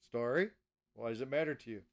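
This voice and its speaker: A man hosting an interview, firing off quick questions and laughing often. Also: mid-range voice. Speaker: interview host. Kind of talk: casual interview chat.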